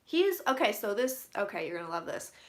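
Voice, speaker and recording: A woman giving a casual psychic reading, relaying what she hears in quick quotes and swearing casually. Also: mid-range voice, very animated. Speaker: psychic reader. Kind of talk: casual intuitive reading to camera.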